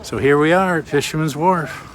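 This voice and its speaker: A man's voice: a little high, normal speed. A man hosting a casual walking vlog outdoors along a waterfront, giving chatty, joking tour-guide commentary. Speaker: vlog host.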